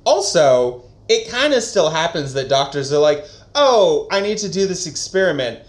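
A man voicing a matter-of-fact young male doctor who answers flatly. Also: fairly high pitch, moderate pace, pitched above the performer's own voice. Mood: dry. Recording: roomy echo.

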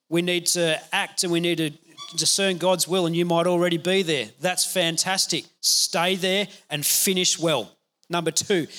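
Male pastor, fairly high and bright voice, lively conversational preaching. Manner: energetic, conversational preaching with laughs. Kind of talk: sermon.

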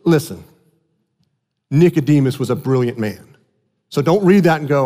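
Male pastor, high voice, conversational preaching with repeated phrases, reverberant hall sound. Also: sing-song, normal speed, pauses often. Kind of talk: sermon.

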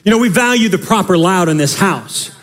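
A male pastor delivering an energetic sermon with a high-pitched voice. He speaks emphatically and drives his points home by repeating phrases, and his pitch leaps up and drops low. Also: a little fast.

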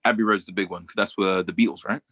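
A man co-hosting a podcast in casual chat, measured and reflective, laughing easily. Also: sits low, fairly even intonation, bright, forceful tone, no echo. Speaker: podcast co-host.

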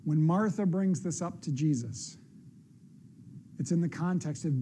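A man's voice: on the high side, unhurried, pauses often, dark tone, a little hiss or hum. A male pastor preaching a sermon in a conversational, explanatory way.

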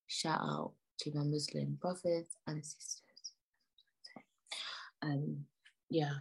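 A gravelly, low-pitched young woman with a breathy edge hosts a casual solo podcast, sounding very animated yet keeping a measured pace. Her talk rambles with playful indignation, broken up by near-whispered asides.

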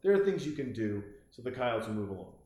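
A man's voice: mid-range voice, very animated, fast, warm tone, dull audio. Man, host, casual comic rambling, profane, frequent restarts, very echoey room.

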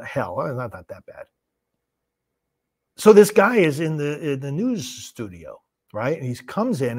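A priest hosting a studio broadcast, talking emphatically with many restarts. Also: male voice, medium pitch. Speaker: priest host. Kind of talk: studio commentary and prayer.

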